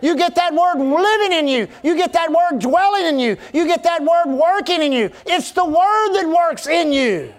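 A man's voice: very high voice, animated, moderate pace, few pauses. A man preaching a sermon as pastor, fervent and rousing, asking the congregation to respond.

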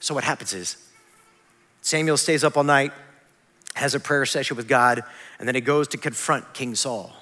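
A man's voice: mid-range voice, normal speed, pauses often, pushed and bright, long reverb tail. A male pastor preaching a sermon in a conversational way, correcting himself and adding light humorous asides.

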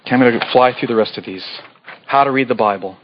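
A man preaching a sermon as pastor, earnest and pleading, with sudden animated bursts. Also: medium pitch, fast talker, muffled recording. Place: church sanctuary.

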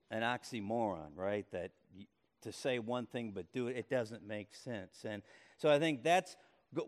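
Guy preaching a sermon, goes loud then real quiet, slow pace, church hall echo. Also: medium pitch. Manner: dramatic swings from loud to hushed, repeats words. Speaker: pastor. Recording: long reverb of a hall.

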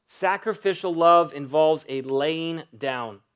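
A man preaching a sermon, emphatic, stretching key phrases slowly for weight. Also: a little high, a bit bright, clean tone. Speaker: pastor.

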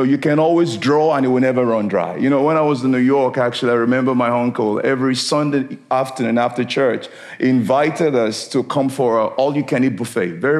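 A middle-aged man preaches a lively sermon. He laughs easily, calls for amens, and reads scripture with steady conviction at an ordinary pitch. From Nigeria. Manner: upbeat, laughing often, preachy call-and-response. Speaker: guest preacher.

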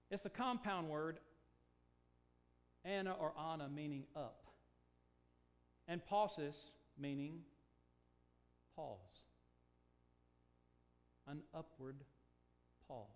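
An older man preaching a sermon, moving from quiet, reflective talk to slow, emphatic declarations. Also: on the high side. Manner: preaching, swings from hushed to emphatic, stretched slow phrases. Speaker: pastor.

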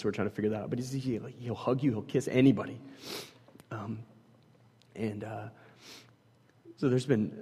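Husky-voiced guy rambling through a family story, lots of ums, goes quiet then loud, big echoey hall. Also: medium pitch. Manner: rambling, many fillers, swings from loud to hushed. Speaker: father telling a personal story. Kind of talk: personal storytelling to a group. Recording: long hall reverb.

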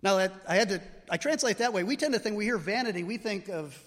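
High-voiced man preaching in an echoing hall. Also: animated, fast talker, fairly bright tone. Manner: explains word meanings with rhetorical questions. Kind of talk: expository sermon. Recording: long hall reverb.

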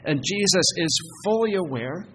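A man preaching a sermon as pastor, earnest and halting, often repeating words as he goes. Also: high voice, animated. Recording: long church reverb, faint noise.

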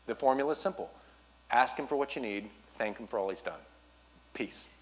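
A man preaching as a youth pastor, urging his listeners directly with an earnest, personal manner and quick asides. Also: mid-range voice. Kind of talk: sermon.

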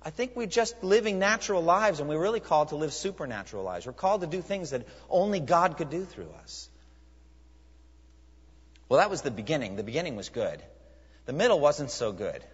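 A man preaching a sermon as pastor, emphatic, with rhetorical questions and dramatic pauses. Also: a little high, very animated, slightly rough. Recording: muffled recording in a reverberant hall.

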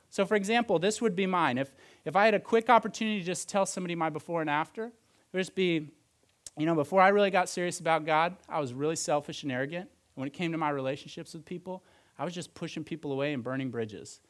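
A man preaching a sermon in church, talking in a conversational, practical way with frequent restarts. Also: high-pitched. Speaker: pastor.

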